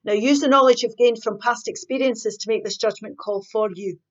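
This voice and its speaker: A woman's voice: fairly high pitch, normal speed, highs cut off. A woman hosting a casual tarot card reading, chatting and thinking aloud as she pulls the cards. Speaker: tarot reader.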